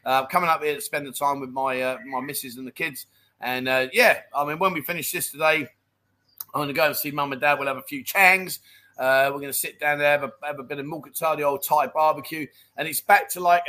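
A middle-aged man hosting a relaxed live-stream chat, reading viewer messages and laughing along. His voice sits a little high and sounds bright and forward, with an easy, jokey, matey way of talking. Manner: jokey, laughs often, calls people mate.

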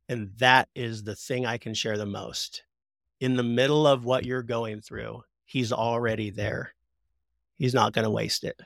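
A man's voice: medium pitch, fairly even intonation, vocal fry, fairly bright tone, no room sound. Man, 40s, podcast guest; heartfelt testimony, dry close mic. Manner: heartfelt, preacherly, slows for emphasis. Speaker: podcast guest, prison minister. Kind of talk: earnest testimony.

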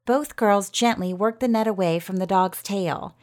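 A woman narrating a fairy tale in a gentle storytelling manner. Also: mid-range voice, moderate pace, hardly any pauses.

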